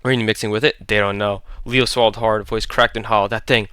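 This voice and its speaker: A man narrating a horror story in a dramatic, deliberate way. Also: fairly low pitch, fairly even intonation, a bit bright, clean tone, dry recording.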